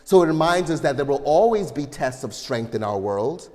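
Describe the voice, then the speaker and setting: A man preaching a sermon, telling personal stories with animated delivery and building to emphatic exhortation. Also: fairly high pitch, moderate pace, in a large hall. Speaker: minister.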